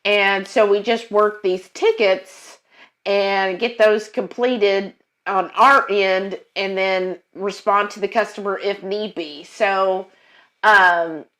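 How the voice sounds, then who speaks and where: A woman's voice: mid-range voice, fairly even intonation, slow pace, a bit bright. A woman co-hosting a livestream, chatting casually and reading viewer comments aloud, with frequent fillers and quoting herself. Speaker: co-host of a cooking livestream.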